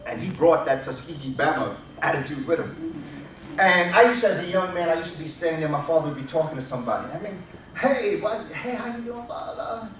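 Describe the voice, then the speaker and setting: A man's voice: fairly high pitch, expressive, fast, a bit bright, recorded from a distance. A man giving a public lecture to an audience, emphatic and preacher-like, driving his points home with repetition. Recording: echoey hall, recorded from afar, noisy.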